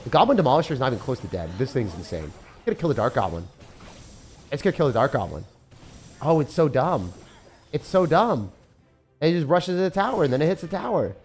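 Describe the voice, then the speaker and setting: Excitable young man doing gameplay commentary. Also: fairly high pitch, quick pace, faint music behind. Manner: excitable, frequent disbelief outbursts, calls viewers dude and bro. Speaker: gaming creator.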